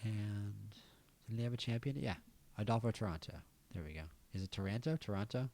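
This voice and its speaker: An American man with a fairly low voice talks through a game in a relaxed, offhand way. He thinks aloud as he plays, dropping wry little asides. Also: a little fast. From United States. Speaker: gaming channel host. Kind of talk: casual gameplay commentary.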